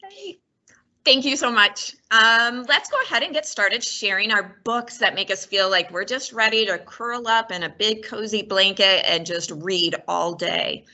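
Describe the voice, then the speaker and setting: A woman's voice: medium pitch, measured pace, sharp tone. A woman hosting a librarians' discussion, upbeat and guiding the talk. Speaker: host.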